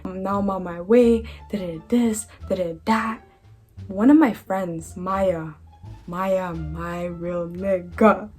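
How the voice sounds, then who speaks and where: A young woman vlogger reads a casual storytime in an animated, slangy way, often dropping sentences halfway through. Her voice is on the low side and husky, with faint music playing underneath.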